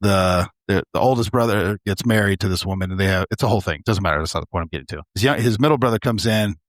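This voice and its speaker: Blunt, quick-talking low-voiced man. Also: dry recording. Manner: blunt, profane storytelling with emphatic asides. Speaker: podcast co-host. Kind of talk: casual chat.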